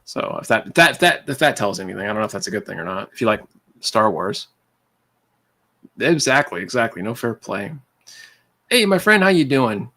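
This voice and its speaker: A California man hosts a casual livestream, his lowish voice pushed and bright, very animated at a moderate pace with frequent pauses. He wanders from one thought to the next, laughs a lot, and calls his viewers "man" and "dude."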